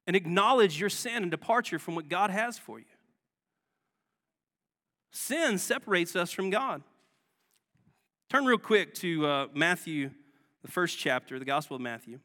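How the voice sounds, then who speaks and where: A man's voice: high-pitched, bright, forceful tone. A man preaching a sermon as guest pastor, talking conversationally and asking the congregation rhetorical questions. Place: church sanctuary. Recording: long church hall reverb.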